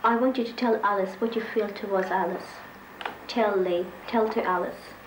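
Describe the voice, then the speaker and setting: Woman therapist, gently directive, echoey room with faint noise. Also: medium pitch, steady tone, moderate pace. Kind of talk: guiding a therapy session.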